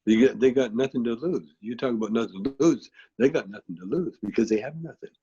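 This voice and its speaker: A man's voice: mid-range voice, quick pace, dark tone, husky, dull audio. A man being interviewed who tells long, rambling stories in a laid-back way, with plenty of filler phrases. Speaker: guest, actor and comedian.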